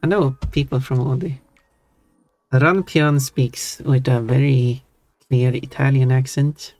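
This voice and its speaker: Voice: medium pitch, fairly even intonation, slow, a little mellow. A streamer with a Swedish accent chatting casually on a live stream, thinking aloud and answering chat. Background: faint background music.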